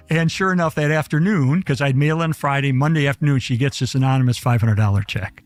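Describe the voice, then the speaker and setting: Earnest pastor telling a story. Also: male voice, a little high, animated, no room sound, faint music behind. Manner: earnest, halting storytelling with restarts. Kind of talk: storytelling in an interview.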